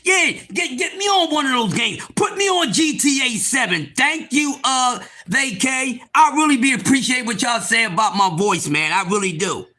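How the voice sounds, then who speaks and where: High, cartoonish man shouting. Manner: loud, preachy, often shouting. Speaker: live stream host. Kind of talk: animated livestream talk.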